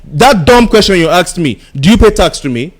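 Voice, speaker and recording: In a high, expressive voice at normal speed, a man hosting a radio talk show argues insistently with a caller. The exchange is heated, and he repeats himself to keep hold of the floor.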